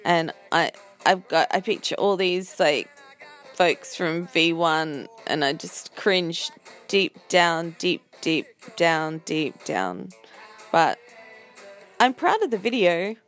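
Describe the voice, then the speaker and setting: A woman's voice: fairly low pitch, expressive, takes it slowly, fairly bright tone, soft background music. A woman with an Australian accent hosting a podcast in a chatty, rambling, self-deprecating way. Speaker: podcast host. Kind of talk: casual chat.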